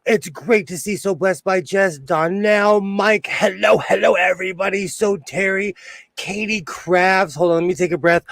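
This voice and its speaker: Upbeat high-voiced man chatting on a livestream. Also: moderate pace, a bit bright, dry recording. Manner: chatty, jokey, laughs often while greeting viewers. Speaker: sewing livestream host. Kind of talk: casual livestream chat.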